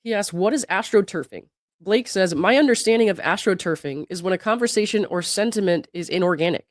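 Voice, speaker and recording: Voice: medium pitch, fairly quick, no echo, clean studio sound. Sick-sounding host reading a deposition. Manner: reads quotes evenly, breaks in with skeptical asides and laughs. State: sick, voice not at its best. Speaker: legal commentary channel host. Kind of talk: reading a deposition transcript aloud with commentary.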